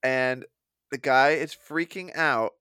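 A man's voice: mid-range voice, slow pace, bright, forceful tone, clear, resonant tone, no echo, studio quality. A man co-hosting a podcast, telling a story animatedly with lots of swearing and laughter. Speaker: podcast co-host. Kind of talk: casual podcast chat.

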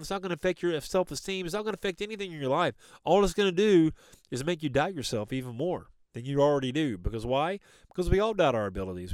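A man's voice: fairly high pitch, no room sound. Exhorting male podcast host, dry sound. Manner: exhorting, repetitive rhetorical questions. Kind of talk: motivational podcast monologue.

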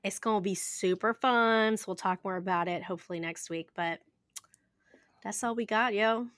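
A woman's voice: medium pitch, moderate pace, fairly bright tone, no room sound, clean studio sound. A woman co-hosting a podcast in casual chat, chatty, laughing easily and restarting her sentences. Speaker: podcast co-host.

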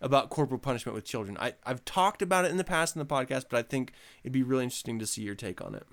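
Animated, profane male podcast host. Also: medium pitch, racing. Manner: profane, animated ranting with frequent laughs. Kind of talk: casual podcast chat.

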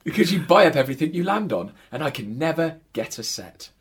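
A man's voice: a little high, very animated, fairly quick, breathy edge. A man, the podcast's producer, joining in wry, casual chat.

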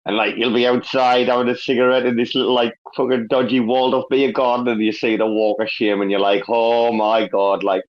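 An English man hosting a loose late-night chat, peppering everything with swearing and bursts of laughter. His voice sits at a medium pitch, and the audio sounds a little dull and lo-fi. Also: level tone, fast, few pauses. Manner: profane, laughing, storytelling with a northern English slang. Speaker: host. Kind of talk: casual crypto community chat.

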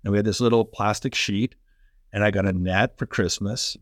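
A middle-aged man from Canada, a former pro hockey player, telling energetic, fast-flowing stories in a podcast interview. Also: lowish voice, no echo, studio quality. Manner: energetic, fast-flowing anecdotes with quoted dialogue. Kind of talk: animated storytelling in a podcast interview.

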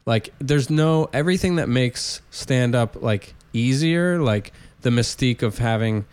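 A man's voice: medium pitch, measured pace, clean tone, dry recording. A man who is a touring stand-up comedian, telling casual rambling road stories with lots of restarts. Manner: rambling, self-interrupting, animated anecdotes. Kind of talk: casual storytelling chat.

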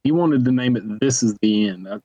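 A man's voice: mid-range voice, expressive, brisk, warm tone, slightly rough, no room sound. Blunt guy guesting on a podcast, teasing his buddy, muffled sound. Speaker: podcast guest, small press co-founder. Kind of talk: casual chat. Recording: dull lo-fi sound.

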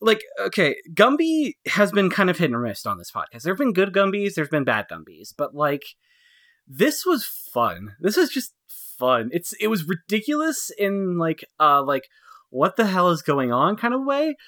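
A man riffs about old cartoons on a podcast, his talk full of fillers and frequent laughter. His voice is bright and swings widely in pitch. It sounds close and dry. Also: huge pitch swings, moderate pace, no room sound. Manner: laughs often, rambling with many fillers. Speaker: podcast co-host. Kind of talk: casual chat reviewing cartoons.

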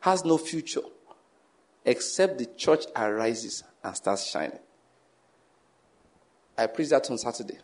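A man, preaching a sermon as pastor, reading scripture slowly and leading the congregation in repeated prayer. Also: mid-range voice, lively intonation.

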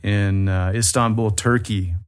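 A man in his forties with a Southern US accent, a guest chatting in an easygoing, friendly way with frequent pauses. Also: on the low side, fairly even intonation. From Alabama, US South. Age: 40s. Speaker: guest expert on tourism. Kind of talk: casual conversation.

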